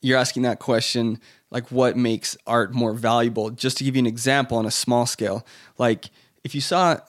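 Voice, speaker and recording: A man's voice: medium pitch, steady tone, normal speed. A man as a podcast guest, talking loosely with lots of fillers and restarts. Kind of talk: casual conversation.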